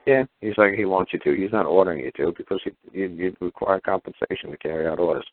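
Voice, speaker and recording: On a dry, tinny phone line, a male caller to a talk show speaks quickly in a low register. His conversation is casual and lively, and he performs the voices of anyone he quotes.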